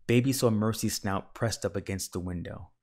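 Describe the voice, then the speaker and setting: A man reading a children's picture book aloud in a calm, measured narration. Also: lowish voice. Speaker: storyteller.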